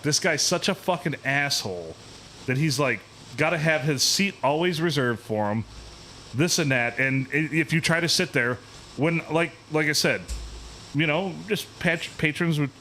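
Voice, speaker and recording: A man, hosting a podcast, telling a profane, animated story in a casual, ranting way. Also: fairly high pitch, a little hiss or hum. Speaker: podcast host.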